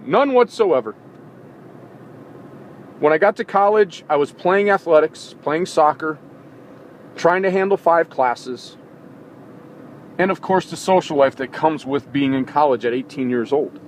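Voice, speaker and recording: A man's voice: on the high side, a little slow, pauses often, a little hiss or hum. A man hosting a sports talk show, giving an impassioned opinion monologue full of indignant rhetorical questions, recorded in a vehicle.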